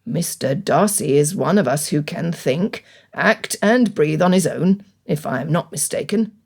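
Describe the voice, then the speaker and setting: Older gentleman, stern and dry, low slow delivery, audiobook, put on by a woman narrator. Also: expressive, gravelly, heavily acted. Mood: irritated. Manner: measured, cutting, impatient.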